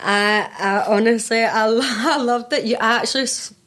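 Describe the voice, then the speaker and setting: A woman's voice: a little high, normal speed, fairly bright tone, slight background noise. A Glaswegian woman, a life and business coach, chatting animatedly on a podcast and laughing often as she tells stories. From Scotland. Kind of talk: casual podcast chat.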